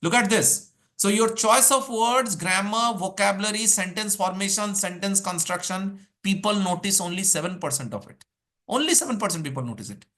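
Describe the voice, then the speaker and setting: High, bright-voiced coach. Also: male voice, moderate pace. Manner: energetic, drills points with rhetorical questions and lists. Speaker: English speaking coach. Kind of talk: live workshop teaching.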